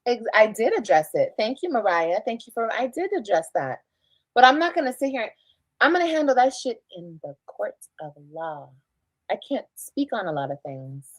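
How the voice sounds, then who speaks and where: Woman, live streamer, defensive, emphatic, repetitive, slightly high, dry. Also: big pitch swings, moderate pace, dry recording, rough recording. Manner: defensive, emphatic, repeats herself. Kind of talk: casual live-stream talk.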